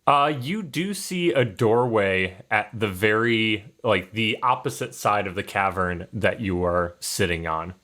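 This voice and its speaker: A man narrating as game master in a relaxed, halting way, with fillers. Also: fairly low pitch.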